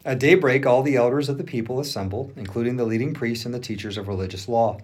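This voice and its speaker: A man co-hosting a podcast, reading scripture aloud in a steady way that sinks lower and slower at solemn moments. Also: husky. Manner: steady, even reading that drops low and slow at solemn moments. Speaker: podcast co-host.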